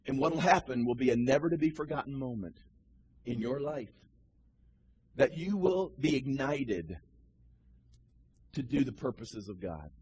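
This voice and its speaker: Husky-voiced preaching man, swinging loud and soft. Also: animated, a little slow, long pauses. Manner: swings from quiet, low storytelling to loud, high-pitched cries. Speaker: pastor. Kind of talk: sermon.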